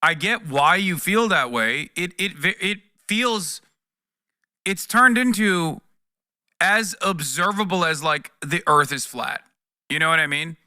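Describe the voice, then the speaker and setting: A man's voice: a little high, lively intonation, takes it slowly, sharp tone, dry recording, clean studio sound. A man streaming casual political commentary, talking with a profane, exasperated edge in bursts with restarts, to his chat.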